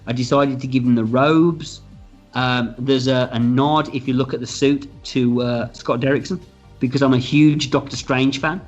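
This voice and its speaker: A man in a candid interview, animated and unfiltered, slipping into other people's lines as he tells behind-the-scenes stories. His voice sits in an ordinary middle register. The audio is a little dull and lo-fi, with faint music underneath. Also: medium pitch, moderate pace. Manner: animated, acts out quoted dialogue, swears freely. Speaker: film writer-director being interviewed.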